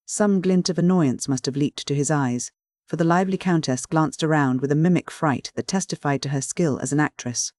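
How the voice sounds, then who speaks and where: Dry, measured audiobook narrator. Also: mid-range voice, darkish tone, no room sound. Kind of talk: scripted narration.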